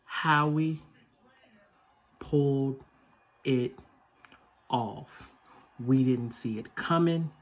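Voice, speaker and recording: A man's voice: medium pitch, extremely slow, pauses often. A man hosting a casual sports picks vlog, blunt and opinionated, with plenty of filler words. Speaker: vlog host.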